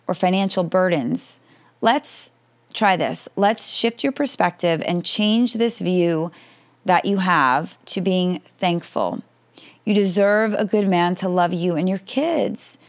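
A woman in her forties hosting an advice podcast, answering listener questions in a direct, reassuring way. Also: medium pitch.

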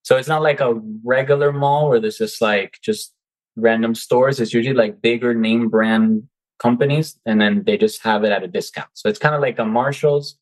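On an interview show, a guest coach who used to be a seller speaks casually, performing the reactions he quotes from himself. He has a medium pitch and normal speed, though the audio is poor.

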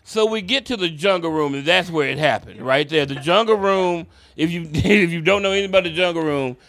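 Middle-aged comedian guy telling stories, swears a lot, laughs through it, bright voice, dry close mic. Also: a little high, brisk, dry recording. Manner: animated, profane, laughs through his stories. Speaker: stand-up comedian guest. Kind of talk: comic storytelling in casual chat.

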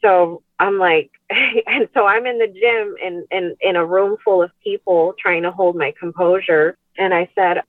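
A woman's voice: fairly low pitch, steady tone, no room sound. Earnest woman on a tinny call line. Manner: earnest, halting, with frequent restarts and nervous laughs. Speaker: podcast guest. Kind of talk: personal storytelling in conversation. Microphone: remote call.

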